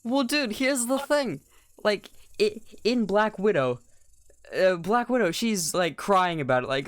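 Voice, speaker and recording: In clean studio sound with no echo, a young male podcast co-host talks a little slowly in a voice that sits high and keeps cracking. His casual chat rambles and restarts, full of slang, and turns animated whenever he's incredulous.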